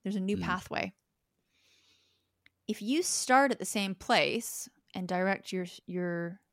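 A woman's voice: medium pitch, measured pace, dry recording. Thoughtful young woman, dry close sound. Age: young adult. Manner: thoughtful, explains with examples. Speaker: podcast guest. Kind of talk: reflective podcast conversation.

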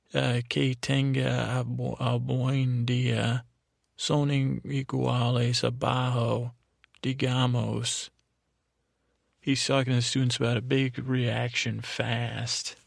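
A man with a low-energy, even voice drifts through a long recap. His voice has a heavy gravelly fry and sounds dry and close, with no room around it. He talks slowly and wanders from thought to thought. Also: dry recording. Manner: slow, meandering, monotone storytelling with restarts. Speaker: podcast host. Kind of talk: rambling sleep podcast recap.

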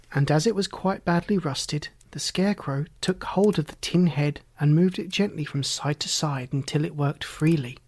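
Measured storybook narrator, middle pitch. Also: darkish tone. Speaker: audiobook narrator.

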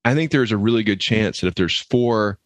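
Male co-host, dry sarcastic wit, fairly low voice, dry close recording. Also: a little fast, dry recording. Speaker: podcast co-host. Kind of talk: comedic banter.

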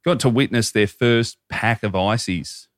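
Aussie guy, 30s, low voice, swears a lot telling stories, dry close mic. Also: a little slow, dry recording. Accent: Australian. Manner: profane, rambling anecdotes. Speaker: podcast co-host. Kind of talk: casual chat.

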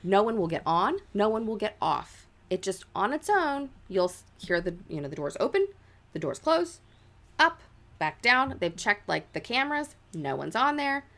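A woman's voice: mid-range voice, very animated, moderate pace, fairly bright tone. A young adult woman co-hosting a podcast, telling a ghost story in a casual, chatty way, full of "like" fillers and dramatic quoted voices. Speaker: podcast co-host.

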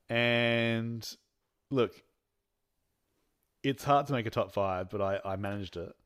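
A man's voice: mid-range voice, a bit bright, clear, resonant tone, no room sound, clean studio sound. Giggly guy, lots of likes. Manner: laughing often, many fillers. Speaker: podcast co-host. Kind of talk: casual chat.

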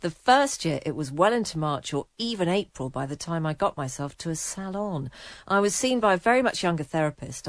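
A woman's voice: on the low side, dry recording. A middle-aged woman co-hosting a chat podcast, teasing her partner and reading out listener emails. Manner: warm teasing banter. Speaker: co-host.

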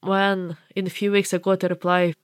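A woman's voice: lowish voice, normal speed, clean tone, dry recording, clean studio sound. Ukrainian-accented woman telling her story. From eastern Ukraine. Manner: earnest, lively, non-native English grammar. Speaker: interviewee. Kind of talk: personal storytelling.

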